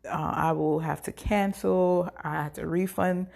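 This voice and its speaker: A woman's voice: lowish voice, steady tone, measured pace, creaky, a little mellow. A woman telling her own story in a chatty, scattered way, acting out what others said, while she is in pain. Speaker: podcast host. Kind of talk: casual storytelling.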